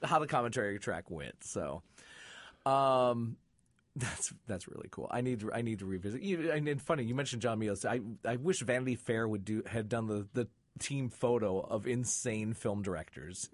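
A man hosting a casual chat, quick and jokey, often restarting his sentences. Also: medium pitch, no echo. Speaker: host.

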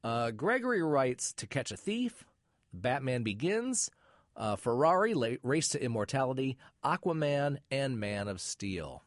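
Lively wry male podcast host. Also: medium pitch, dry recording, studio quality. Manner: wry, lively asides between quick read-outs. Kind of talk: reading listener messages.

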